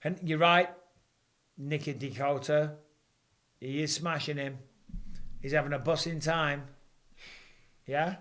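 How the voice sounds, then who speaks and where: A man, hosting a live fight watch-along and calling the action with rising excitement. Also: a little high, slow pace, pauses often. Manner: excitable, rising for big moments. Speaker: host. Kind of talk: live fight commentary and chat.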